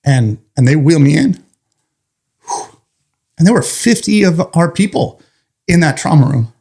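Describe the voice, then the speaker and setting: A firefighter telling a story as a guest in an interview, animated, laughing through the funny parts and swearing casually. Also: male voice, on the high side, measured pace.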